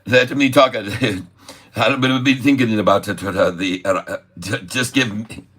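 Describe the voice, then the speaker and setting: A man hosting a live trading stream who rambles excitedly and laughs often. His voice sits a little low but sounds bright and forceful. He talks in an offhand way to his viewers. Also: unhurried. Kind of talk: live stream chart commentary.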